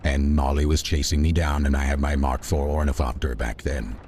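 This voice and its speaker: A man's voice: rumbling low, steady tone, brisk, darkish tone, slight background noise. A man streaming a video game, rambling in a chatty way and talking back to his chat. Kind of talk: livestream gameplay commentary.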